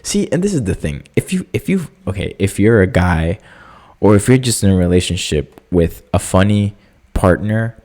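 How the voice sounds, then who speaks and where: A young man hosting a casual solo podcast, talking in an animated, jokey way with lots of fillers. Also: moderate pace. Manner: animated, jokey, many fillers, squeaky excited impressions. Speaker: podcast host.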